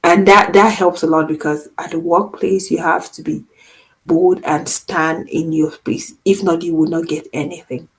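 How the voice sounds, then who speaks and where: A woman co-hosting a podcast in casual chat, talking firmly and emphatically with lively swings in loudness. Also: fairly low pitch, moderate pace, low-quality recording. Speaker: podcast co-host.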